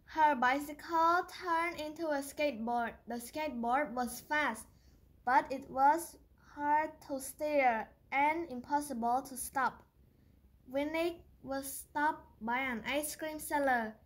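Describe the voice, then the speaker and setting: Slow, high-voiced woman reading aloud. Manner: slow, careful reading with small slips. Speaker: storyteller on her channel. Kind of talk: children's picture book read-aloud.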